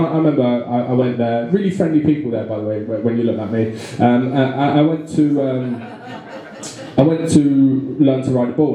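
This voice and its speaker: A young English man doing live stand-up comedy in a pub venue, with a halting, rambling delivery full of fillers and restarts. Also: mid-range voice, warm tone. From England. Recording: very echoey live room.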